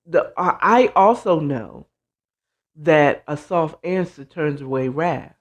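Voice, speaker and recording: A woman hosting a casual advice talk, animated and blunt, acting out quoted voices and sprinkling in "child" and "you know what I'm saying.". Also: low-pitched, takes it slowly, highs cut off. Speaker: host.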